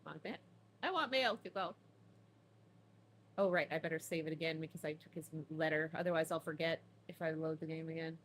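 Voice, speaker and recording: A woman's voice: low-pitched, brisk. A woman streaming a game from home, chatty and laughing often, her throat sore from smoke allergies. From Canada. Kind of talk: casual let's play chat.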